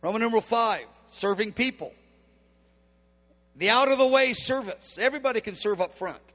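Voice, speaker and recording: A man's voice: sits high, normal speed, bright, forceful tone. A man in his fifties preaching a sermon, emphatic and acting out the dialogue he quotes. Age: 50s. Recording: long hall reverb.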